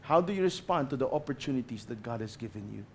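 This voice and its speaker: A Filipino-accented guest preacher speaks fast and expressively in a mid-range voice, with a little hiss or hum audible. His passionate sermon shifts between loud emphasis and hushed asides, sprinkled with Tagalog.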